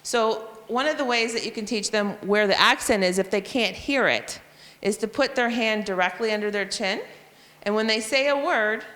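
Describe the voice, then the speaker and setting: A woman teacher presenting a reading intervention method to other educators, spelling out letters and sounds slowly and clearly. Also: mid-range voice, a bit bright, long reverb tail. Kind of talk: professional development presentation. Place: school room or hall.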